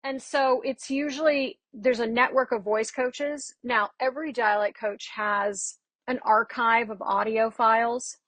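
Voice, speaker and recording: A woman with a slightly raised pitch and a breathy, husky edge speaks as a dialect coach on a podcast. She tells lively stories and acts out quoted back-and-forths. The sound is dry and close, with almost no room around it. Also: measured pace, no echo. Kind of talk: casual interview chat.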